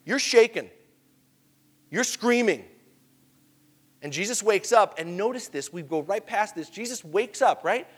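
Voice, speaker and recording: High-voiced preacher in a reverberant hall. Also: male voice, moderate pace, few pauses. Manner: animated storytelling, swings between hushed and emphatic. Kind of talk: sermon.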